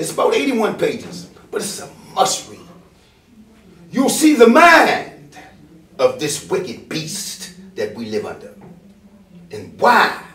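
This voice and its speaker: An older man speaks to a crowd with fiery emotion and a high, lively voice that rises and falls a great deal. He calls out to the people in the room, at times loud and at times low. He sounds far from the mic in an echoey room. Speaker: audience member at a community town hall. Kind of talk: impassioned public speech. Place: bookstore meeting room.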